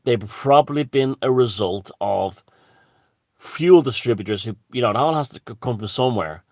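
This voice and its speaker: A man's voice: medium pitch, normal speed, darkish tone, no echo, studio quality. A man giving a heated, rambling political monologue, swearing and restarting his sentences. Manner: heated, profane, full of restarts and asides. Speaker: commentator.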